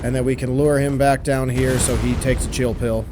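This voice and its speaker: A hoarse man who has lost his voice, chatting casually through a game walkthrough and teasing the enemies on screen. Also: medium pitch, little pitch movement, moderate pace, over music. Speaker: gameplay walkthrough host.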